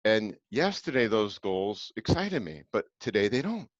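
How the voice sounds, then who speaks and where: A man's voice: lowish voice, very animated, unhurried, dry recording. Offhand young slacker, voiced by a man, slightly raised, dull dry sound. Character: aimless young man, casual and unbothered.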